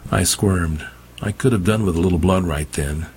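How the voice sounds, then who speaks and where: A man's voice: low voice, normal speed, a little mellow, breathy edge. A man narrating an audiobook in a dry, wry storytelling manner. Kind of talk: scripted narration.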